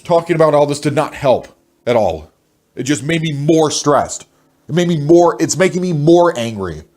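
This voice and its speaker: A man's voice: a little high, lively intonation, moderate pace, a little mellow. A man in his twenties venting angrily about work, swearing and stressed. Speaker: vlogger. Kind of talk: ranting personal monologue.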